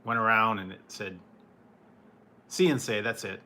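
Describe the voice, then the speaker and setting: A man's voice: lowish voice, unhurried, sharp tone, a little hiss or hum. A man hosting a casual food-review livestream, chatting with viewers, laughing often and greeting people by name. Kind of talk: casual live chat with viewers.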